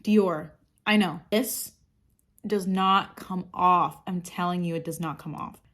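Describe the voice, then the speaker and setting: A woman's voice: fairly low pitch, takes it slowly, fairly bright tone. A woman chatting casually through her makeup routine, rambling and sarcastic, swearing freely. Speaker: makeup vlogger. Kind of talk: casual get-ready-with-me chat.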